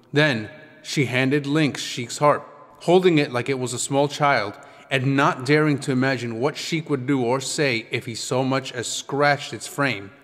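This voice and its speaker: A man reading an audiobook in a measured, descriptive storytelling manner. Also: medium pitch. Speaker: audiobook narrator. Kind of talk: scripted audiobook narration. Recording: long reverb with background music.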